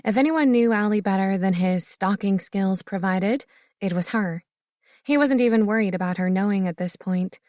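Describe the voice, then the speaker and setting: A woman reading an audiobook narration in a steady, expressive way. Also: medium pitch, normal speed, no room sound, clean studio sound. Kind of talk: scripted narration.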